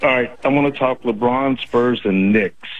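Teasing, opinionated caller on a dull line. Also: male voice, medium pitch, normal speed, a little hiss or hum. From San Antonio, Texas.

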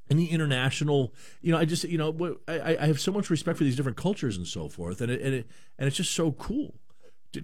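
A man hosting a radio show, chatting casually and joking with lots of restarts. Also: a little high. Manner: animated, rambling, joking with restarts. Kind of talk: casual chat.

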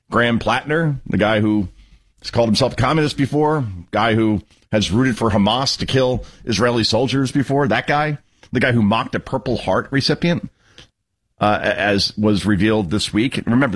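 A man hosting a political talk radio show, sarcastic and animated, cueing audio clips as he comments on them. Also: medium pitch, breathy edge.

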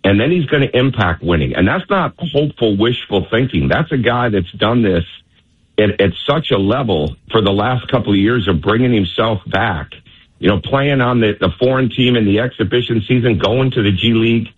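Man, coach guest, emphatic, husky voice, tinny phone line. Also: lowish voice, expressive, normal speed. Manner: emphatic, persuasive. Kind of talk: phone interview on sports radio.

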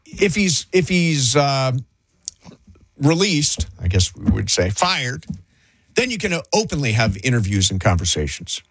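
A man co-hosting a sports radio show, talking casually and excitedly, often restarting his sentences. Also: medium pitch, unhurried, dry recording. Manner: animated, trails off and restarts.

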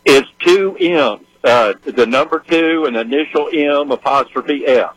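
Eager caller with a dry sound. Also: male voice, mid-range voice, unhurried, dry recording, rough recording. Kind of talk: casual call-in chat.

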